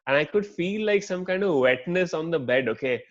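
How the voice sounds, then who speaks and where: A man's voice: fairly high pitch, lively intonation, moderate pace, noisy background. A young man in a casual podcast chat who talks reflectively and keeps checking in with "right?" and "okay?". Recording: dull lo-fi sound.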